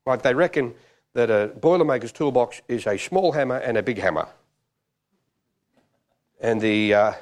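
Animated preacher man. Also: medium pitch. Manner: animated, acts out quoted voices. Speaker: pastor. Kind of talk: sermon with storytelling.

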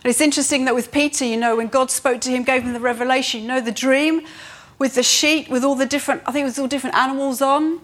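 A woman delivers an earnest sermon in a fairly high voice. She lifts her pitch to stress key points and slows down when reading scripture aloud. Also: fairly even intonation, a bit bright. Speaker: preacher.

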